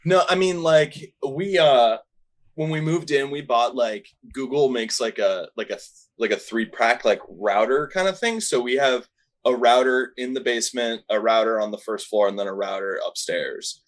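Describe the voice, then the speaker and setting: A man, a guest musician, answering casually from his home basement in a relaxed, friendly way with many fillers. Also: mid-range voice, normal speed. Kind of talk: casual interview.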